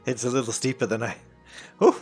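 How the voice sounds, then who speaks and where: A man's voice: medium pitch, steady tone, brisk, a little mellow, breathy edge, soft background music. A man playing a tabletop game, chatting in a playful, tentative way. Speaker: player. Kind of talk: casual chat in a tabletop game.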